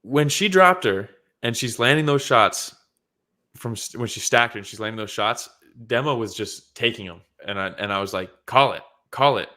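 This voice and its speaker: A man's voice: mid-range voice, moderate pace, pushed and bright. A man co-hosting a casual chat show, blunt and openly salty, swearing freely. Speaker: podcast co-host.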